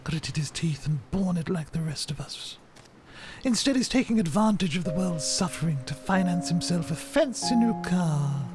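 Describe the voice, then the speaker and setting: A man's voice: high voice, animated, normal speed, voice pushed up. Man putting on a spiteful cackling old woman. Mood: scornful. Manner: scornful, gossiping. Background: game music.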